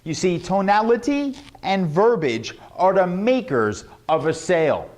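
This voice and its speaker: Animated, high-voiced male sales trainer. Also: a little slow. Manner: animated, demonstrates tones with his voice. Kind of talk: motivational sales lesson.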